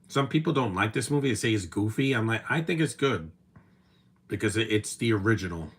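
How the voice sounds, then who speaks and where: A man in his thirties talks over a movie in a relaxed, casual way. His voice sits a little low, and he rambles with opinions, fillers and restarts. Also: a little fast. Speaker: movie commentator. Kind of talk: casual live watch-along commentary.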